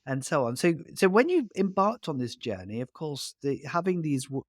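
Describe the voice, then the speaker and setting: A man hosting an interview podcast, asking questions in a relaxed, hesitant way with fillers. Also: fairly high pitch, normal speed, no echo, studio quality. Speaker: podcast host. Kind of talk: conversational interview.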